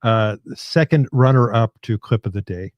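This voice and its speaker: A man's voice: on the low side, normal speed, no echo, muffled recording. Emphatic male podcast co-host, dry mic. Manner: emphatic, laughs readily. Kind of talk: casual political chat.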